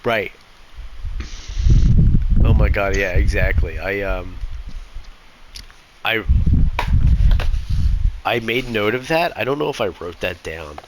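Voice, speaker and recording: A man's voice: fairly low pitch, slow, long pauses. A man co-hosting a podcast, chatting casually about a book and thinking aloud with restarts. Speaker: podcast co-host. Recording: noisy background hiss.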